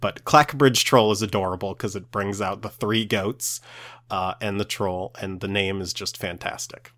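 A male podcast co-host retelling tales in relaxed, explanatory chat. His voice sits on the low side. He talks casually, with small restarts. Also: normal speed. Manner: easygoing, explanatory.

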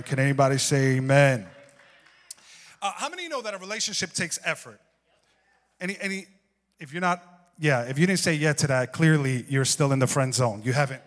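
A middle-aged man preaching a sermon to his congregation, building to loud shouts. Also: sits high, big-room sound. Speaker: pastor. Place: church sanctuary.

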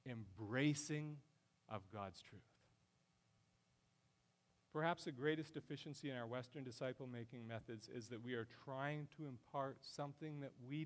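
A middle-aged man preaching a sermon with passion, his voice swelling loud and high as he drives his points home. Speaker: pastor.

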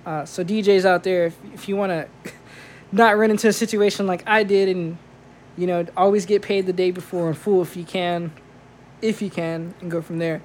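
A man's voice: high voice, steady tone, normal speed, a little hiss or hum. A man who works as a DJ tells a story in slangy, casual talk, saying "like" a lot.

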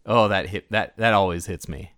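A man co-hosting a casual film discussion, animated and often restarting his sentences, sometimes acting out characters' lines in a playful higher voice. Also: normal speed, dry recording. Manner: animated, acts out characters' lines with playful high-pitched impressions. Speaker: podcast co-host.

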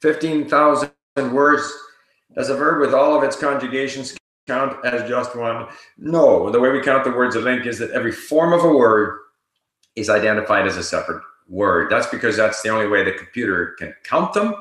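A man hosting a casual live Q&A, reading viewer questions aloud and answering them in a relaxed, explanatory way while he thinks aloud. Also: medium pitch, moderate pace, echoey room, low-quality recording.

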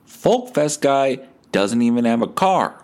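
A man's voice: medium pitch, very animated, a little slow, darkish tone. A man hosting a solo podcast, rambling and swearing, often stammering and restarting. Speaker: podcast host.

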